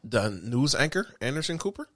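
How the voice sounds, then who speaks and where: A man's voice: medium pitch, sing-song, a little fast, a bit bright, no echo, clean studio sound. A man co-hosting a casual podcast, blunt and wisecracking, with heavy swearing. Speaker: podcast co-host. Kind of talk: casual banter.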